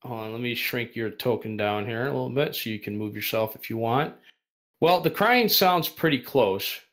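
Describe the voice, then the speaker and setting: Halting male game master. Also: medium pitch, a bit bright. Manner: halting, many fillers and restarts. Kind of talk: running a tabletop game over voice chat.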